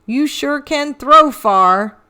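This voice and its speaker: Woman putting on a friendly young male cat, excited voice, storybook read-aloud, unhurried, swooping pitch. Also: full character voice.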